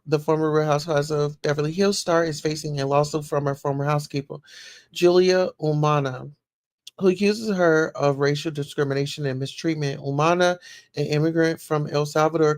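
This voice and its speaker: A woman's voice: low voice, no echo. A woman hosting a casual livestream, chatting as she reads news and viewer comments aloud and reacts to them. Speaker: livestream host.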